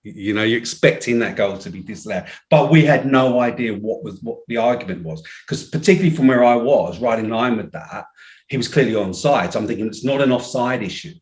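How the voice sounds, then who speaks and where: A man, a podcast guest telling a story in an animated way, often restarting his sentences. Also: medium pitch, fairly quick. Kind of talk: casual storytelling.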